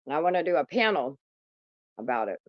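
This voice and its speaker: Casting: woman host, lively swooping voice, blunt and profane, casual chat, dry dull phone sound. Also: low-pitched, fairly quick, no echo. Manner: blunt and profane, chatting with viewers. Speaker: livestream host.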